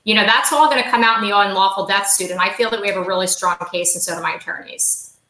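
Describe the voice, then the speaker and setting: Bright-voiced middle-aged woman, echoey room. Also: mid-range voice, fast. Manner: emphatic, repeats key phrases. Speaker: podcast guest. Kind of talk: interview answers.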